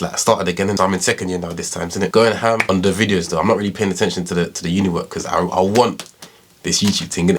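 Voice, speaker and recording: A man's voice: sits low, a little hiss or hum. A young man in his twenties with a London accent, telling his story in a casual, slangy, rambling way with constant tag questions. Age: 20s. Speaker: YouTuber.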